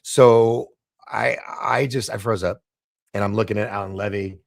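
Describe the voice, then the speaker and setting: A middle-aged man with a low, gravelly voice tells a long anecdote as a podcast guest. He acts out each line of quoted dialogue with animated shifts of voice. The sound is dry and close. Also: normal speed, dry recording. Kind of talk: casual storytelling in a podcast interview.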